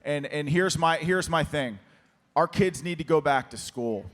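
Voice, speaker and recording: A man running for office, talking as a guest on stage, his voice going hoarse, with an emphatic, rallying manner. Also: unhurried, a bit bright. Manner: emphatic rallying campaign pitch. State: losing his voice. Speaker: political candidate, interview guest. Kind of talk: live on-stage conversation. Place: conference hall with an audience. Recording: long hall reverb.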